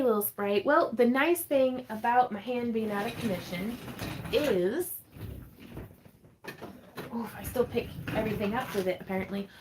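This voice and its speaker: A woman's voice: mid-range voice, darkish tone, a little hiss or hum. Chatty woman hosting a craft livestream. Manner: chatty, rambling, quick to laugh; reads viewer comments aloud and answers them. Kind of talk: casual livestream chat. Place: at home.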